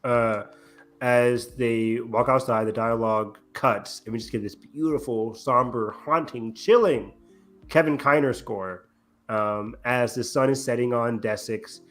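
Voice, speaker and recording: Animated man recapping an episode. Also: medium pitch, faint music behind. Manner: excited, quick recaps with frequent ums. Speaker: podcast co-host. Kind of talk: casual chat.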